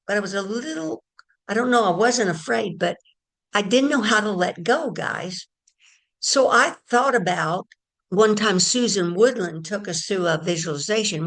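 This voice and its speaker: Speaking directly to her audience, this spiritual teacher tells a story in a chatty, casual talk. Her female voice is mid-range and a bit bright.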